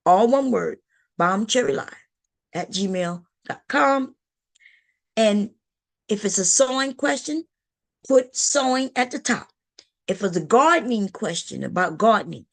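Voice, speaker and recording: A woman talks straight to her viewers on a casual livestream. Her pitch sits mid-range. She is chatty and circles back over the same points as she goes. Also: vocal fry. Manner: chatty, repetitive, addresses viewers directly. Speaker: livestream host.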